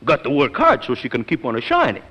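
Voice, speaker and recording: A warm-hearted old Italian singing teacher. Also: male voice, mid-range voice, fast talker. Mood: wry. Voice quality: broken English. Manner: emotional, hesitant, lively. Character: fond older Italian male singing teacher. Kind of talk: 1940s radio acting. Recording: scratchy 1940s radio recording.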